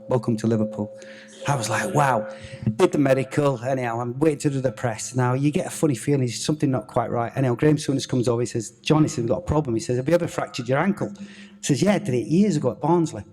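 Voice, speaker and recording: A man, a former footballer telling a lively, swearing anecdote on a theatre stage. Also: medium pitch. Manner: swearing, animated anecdote telling with acted-out quotes. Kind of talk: on-stage storytelling. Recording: reverberant theatre hall.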